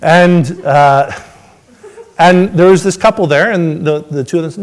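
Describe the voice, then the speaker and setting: A man telling his testimony to a congregation, swinging between excited storytelling and hushed, reflective moments. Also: fairly high pitch, measured pace. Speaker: father sharing a testimony.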